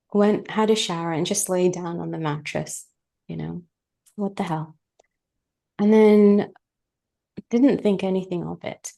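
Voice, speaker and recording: A middle-aged woman, a guest on a podcast, telling a personal story in a candid, animated way and acting out the things she once said. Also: mid-range voice, measured pace, gravelly. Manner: animated, vivid storytelling that acts out her own past words; candid and chatty, talks straight to the listeners.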